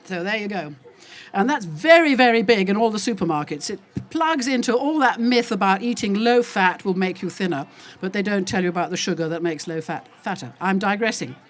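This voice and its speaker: An older woman giving an emphatic, indignant and rambling talk to a festival audience as an olive oil seller, addressing them as ladies and gentlemen. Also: a little fast. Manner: lively, with wide jumps in pitch. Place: outdoor food festival.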